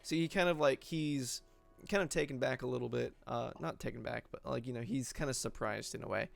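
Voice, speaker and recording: Male game master, gravelly mid-pitched voice, loose rambling narration, faint music underneath. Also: brisk. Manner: rambling, filler-heavy narration.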